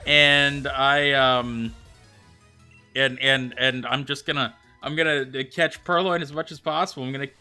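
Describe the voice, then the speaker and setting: A man's voice: medium pitch, fairly even intonation, unhurried, pushed and bright, clean tone, soft background music. A man streaming a video game live, chatting casually and greeting viewers by name.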